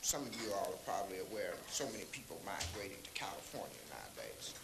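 A man telling comic stories on stage, drawing out lines and pausing before punchlines. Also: low voice, very animated, gravelly. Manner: slow, drawn-out delivery with pauses before punchlines. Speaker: stand-up comedian. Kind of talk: stand-up storytelling. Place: live club stage before an audience. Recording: echoey live room with audience noise.

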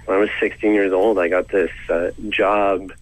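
A man's voice: low-pitched, level tone, normal speed, poor audio. A young man, a comedian, chatting as a guest and telling a funny story in a self-mocking way, laughing between lines. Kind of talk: casual storytelling interview.

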